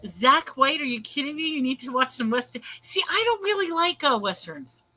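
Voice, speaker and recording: A woman's voice: high voice, sing-song, normal speed, sharp tone, dry recording. A woman hosting a casual livestream chat, rambling and laughing often as she reads viewer comments aloud. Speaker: host.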